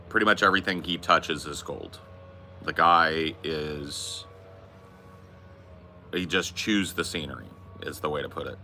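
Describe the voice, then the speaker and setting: An extremely low-pitched man, his delivery pushed and bright, hosts a podcast. It's loose, rambling chat, heavy on swearing and blunt verdicts on films.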